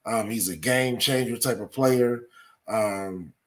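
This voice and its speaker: A man hosting a sports history talk show, speaking in a measured way with lots of ums and uhs. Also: lowish voice, fairly bright tone. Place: studio or home setup.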